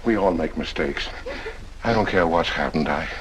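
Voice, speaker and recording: An actor playing a gentle, stammering middle-aged man who pleads tenderly in a 1940s film. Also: very deep voice, moderate pace, poor audio. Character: timid, lovesick middle-aged man proposing. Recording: hissy 1940s film soundtrack.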